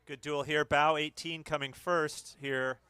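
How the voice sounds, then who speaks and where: A man from Canada with a Canadian accent, a commentator giving live rowing race commentary in a relaxed way, often repeating words as he follows the boats. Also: on the high side, measured pace, clean tone, dry recording.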